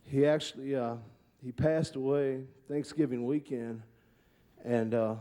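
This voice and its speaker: A man's voice: medium pitch, fairly even intonation, measured pace, mellow. A middle-aged man, a monster truck driver, telling candid, heartfelt stories in an award acceptance speech.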